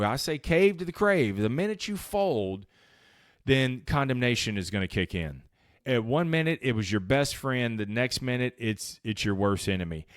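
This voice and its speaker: A man's voice: mid-range voice, no room sound, clean studio sound. A man hosting a motivational podcast, talking casually and with emphasis, using slang and acting out the voices in his head. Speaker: podcast host.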